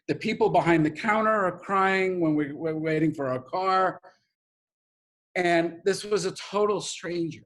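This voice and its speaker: A middle-aged New Yorker, a guest in an interview, tells a heartfelt story with emotion and animation, acting out the people he quotes. His voice sits a little high.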